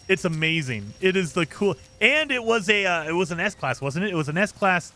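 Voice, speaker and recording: A gaming streamer chats casually with his live chat while playing, reacting to viewer comments with lots of fillers. His voice is high-pitched and sing-song, with a moderate pace and a sharp tone.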